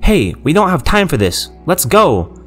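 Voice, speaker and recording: A man voicing a panicked male doctor who shouts urgently in a raised voice. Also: fairly high pitch, big pitch swings, unhurried, faint music behind, voice pushed up, exaggerated voice.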